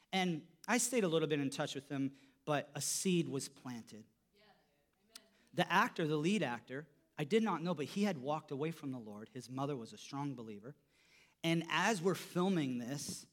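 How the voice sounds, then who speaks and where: A man preaching a sermon, telling a story, his voice dropping soft for quotes and rising when he stresses a point. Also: lively intonation, normal speed. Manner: storytelling, voice drops low for quoted lines and rises when emphatic. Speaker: pastor.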